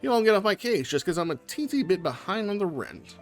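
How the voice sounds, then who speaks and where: A wheedling, excuse-making man who is behind on his rent, read aloud by a man playing a game. His voice swings up and down in a lively way and sits a bit high. Faint music runs behind him. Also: fairly quick. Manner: wheedling, self-pitying. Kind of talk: reading game dialogue aloud.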